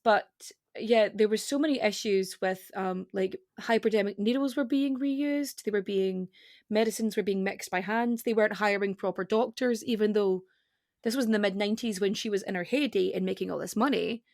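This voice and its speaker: Gravelly-voiced woman podcast guest. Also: medium pitch, a little mellow, dry recording, clean studio sound. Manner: talks in quick, rambling runs with restarts. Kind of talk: casual podcast conversation.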